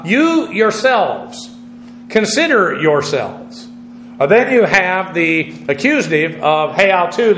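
A man preaching an expository sermon, explaining Greek words and spelling them out letter by letter, with frequent "uh" pauses. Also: a little high, fairly bright tone, echoey room, a little hiss or hum, poor audio. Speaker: pastor teaching a Bible study.

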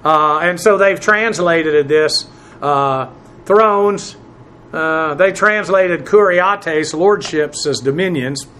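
High-pitched man teaching Bible Greek. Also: slow, bright, forceful tone. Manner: spells out Greek words letter by letter, many "uh" fillers; presses emphatic points with rising force.

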